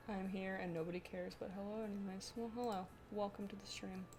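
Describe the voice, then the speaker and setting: A woman's voice: medium pitch, steady tone, unhurried, music in the background. A woman from Pennsylvania with a mixed Pennsylvania and Southern US accent, chatting casually and rambling on a drawing live stream, giggling often. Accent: mix of Pennsylvania and US Southern. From Pennsylvania, USA. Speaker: artist streamer.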